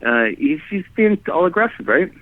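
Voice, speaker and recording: A man telling his own story as a guest, halting and animated, with many restarts and fillers. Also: a little high, no room sound. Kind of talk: rambling first-person storytelling. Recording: dry tinny phone line.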